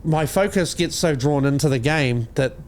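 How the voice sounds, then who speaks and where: A man's voice: a little high, moderate pace, a little hiss or hum. A man in his thirties with a New Zealand accent, co-hosting a podcast in casual comedy chat, swearing a lot and rambling through jokes. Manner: profane, rambling, jokey. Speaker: podcast co-host.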